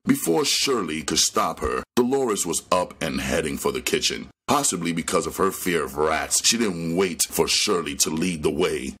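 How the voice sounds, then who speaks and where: A man reading a crime novel aloud with expressive storytelling narration. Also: a bass voice, normal speed, few pauses, husky. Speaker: audiobook reader.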